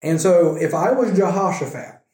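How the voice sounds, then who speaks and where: A man teaching a Bible passage in a relaxed, conversational way, retelling scripture in everyday speech and often checking in with "right?". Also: sits high, moderate pace. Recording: echoey room.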